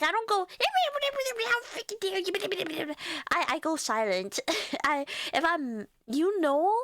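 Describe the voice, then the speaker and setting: A woman's voice: a little high, a bit bright, no echo, studio quality. A young woman streamer chatting casually with her live chat, giggling often and reading messages aloud.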